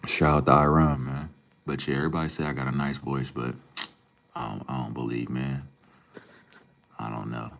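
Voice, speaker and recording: Young male streamer, extremely deep voice, relaxed slang-heavy banter with chat. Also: normal speed, vocal fry, pauses often. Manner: laid-back, slangy, calls viewers man and bro. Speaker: live streamer reading chat. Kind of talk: casual live-stream chat.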